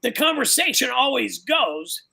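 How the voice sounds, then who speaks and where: A man's voice: extremely high pitch, very animated, unhurried, gravelly, pushed and bright, husky, low-quality recording. A man, a biker pastor and podcast guest, giving a casual testimony in a loose, preachy way, dropping "man" and "you know" throughout.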